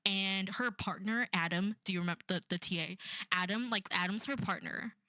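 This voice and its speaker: A woman's voice: medium pitch, normal speed, bright, forceful tone, no echo, studio quality. A young woman rambling sarcastically through a book review, full of "like" and "um". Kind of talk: casual rant about a book.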